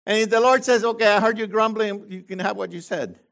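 A man preaching a sermon, reading scripture slowly and then breaking into loud, animated exclamations. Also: high voice, gravelly.

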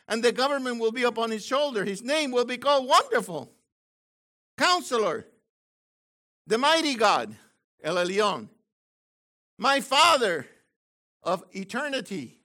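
An older man teaching from the Bible in an excited, exclamatory way, with bursts of shouting. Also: extremely high pitch, unhurried, pauses often. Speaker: preacher.

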